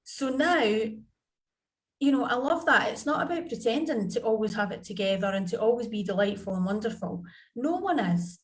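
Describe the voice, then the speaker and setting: Speaking at normal speed with lively intonation and a slightly high voice, a parenting coach shares stories as a podcast guest over a video call. The interview is conversational, and she chats anecdotally, performing the family dialogue as she goes.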